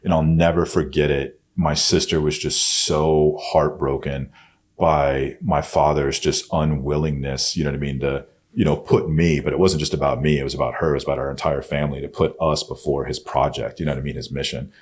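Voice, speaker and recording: Man, extremely deep voice, blunt, swears a lot, podcast guest telling his story. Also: flat delivery, fairly quick. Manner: blunt and profane, often swearing; turns soft and hushed when quoting himself. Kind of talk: candid personal storytelling.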